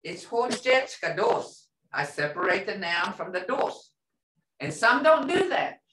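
A woman teaching a language class, patiently repeating words and checking in with "okay?". She talks slowly with a lively, swinging pitch. Her voice is picked up from a distance in a roomy, echoing classroom. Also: slight background noise. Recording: roomy, off-mic classroom sound.

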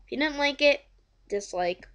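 A woman's voice: sits high, lively intonation, normal speed. A woman chatting casually to camera, rambling with many fillers and repeated words. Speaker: vlogger. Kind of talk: casual home video chat.

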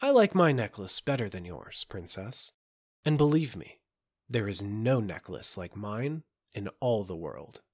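A man reading a fairy tale, voicing a clever young squire who speaks with calm, teasing confidence. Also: fairly low pitch, measured pace, breathy edge, heavily acted. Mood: sly.

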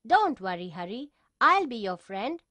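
A woman's voice: on the high side, sing-song, unhurried, pushed and bright, no room sound, exaggerated voice. A woman reading the lines of a young schoolboy in a children's storybook, sounding hurt at times and firm at others. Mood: gentle. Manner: tearful then firm. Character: upset young schoolboy with curly hair.

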